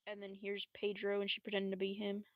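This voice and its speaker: A young adult woman livestreaming in casual, slangy, rambling talk, swearing freely and jumping into squeaky high voices to quote characters. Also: monotone, fast, dull audio. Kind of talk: casual live-stream commentary.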